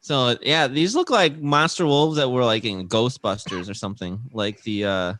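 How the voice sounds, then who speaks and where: A man's voice: mid-range voice, normal speed, a bit bright, no room sound. Male co-host, giggly news segment, dry close sound, casual banter. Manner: giggly, laughs through his own lines. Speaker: podcast co-host reading news stories.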